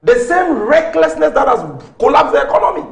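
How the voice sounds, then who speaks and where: A man's voice: extremely high pitch, lively intonation, fairly quick, creaky. A man with a Ghanaian English accent arguing politics on a talk show, firing off rhetorical questions and figures. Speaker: political commentator.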